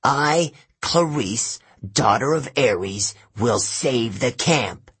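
A man's voice: mid-range voice, lively intonation, drawn-out words, a bit bright, slightly rough, no echo, full character voice. A man reading an audiobook voices a tough, proud teenage girl who speaks defiantly.

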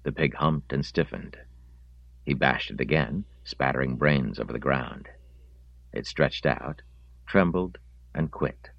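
Very deep, gravelly male narrator. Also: a little slow, pauses often, dry recording, dull audio. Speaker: audiobook narrator. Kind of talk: scripted narration.

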